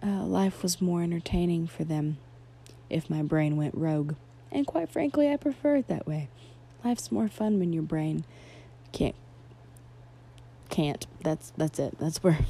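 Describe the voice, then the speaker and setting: A woman's voice: low voice, gravelly, warm tone. A young adult woman hosting a podcast, rambling from topic to topic in a self-deprecating comedic monologue with giggly asides. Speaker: podcast host.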